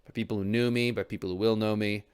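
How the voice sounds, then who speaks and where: A young man thinks out loud on his own stream. His talk rambles, circles back with restarts, and is sprinkled with casual swearing. He sounds candid and earnest, as if confiding in whoever is listening. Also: on the low side, steady tone, rapid-fire, clean tone. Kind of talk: reflective solo stream chat.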